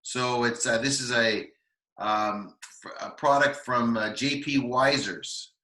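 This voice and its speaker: Canadian dude gushing over whisky, bright sharp voice, lots of ums, roomy echo. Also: male voice, medium pitch, fairly even intonation. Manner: enthusiastic, halting with many fillers. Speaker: co-host of a whisky tasting show. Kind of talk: casual tasting chat.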